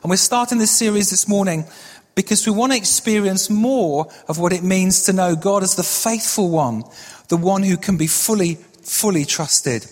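High-voiced earnest pastor in a reverberant hall. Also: male voice. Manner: earnest, measured, repeats phrases for emphasis. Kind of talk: sermon with prayer.

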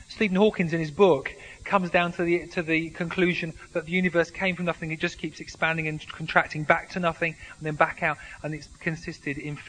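A preacher talks through his sermon with a notably high voice and an easy, chatty delivery. He jokes at his own expense and often restarts sentences as he goes. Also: fairly bright tone, rough recording. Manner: conversational, self-deprecating humour, frequent restarts. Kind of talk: sermon with anecdotes.

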